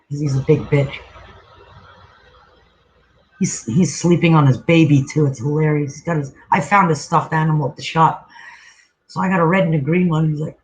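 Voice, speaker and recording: A man's voice: on the high side, steady tone, normal speed, long pauses, low-quality recording. A man hosting a casual livestream, talking loosely and profanely and trailing off mid-sentence. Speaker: livestream host. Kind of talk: casual rambling livestream chat.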